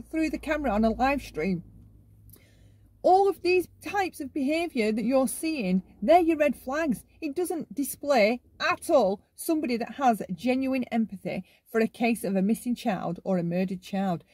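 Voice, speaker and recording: A woman's voice: high voice, expressive, moderate pace, darkish tone, no echo. A woman hosting a casual commentary monologue, often ending her points with "right?". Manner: talks in long runs, ends many lines with "right?". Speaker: commentary channel host.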